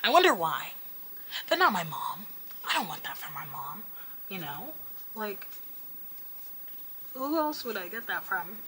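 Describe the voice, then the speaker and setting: A woman's voice: mid-range voice, big pitch swings, unhurried, pauses often, sharp tone, slight background noise, rough recording. A young woman vlogger rambling candidly late at night, self-deprecating and swearing often as she vents.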